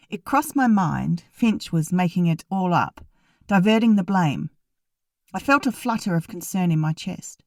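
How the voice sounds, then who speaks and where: A woman narrating a first-person audiobook in an even, wry storytelling manner. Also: on the low side, moderate pace, dry recording, clean studio sound.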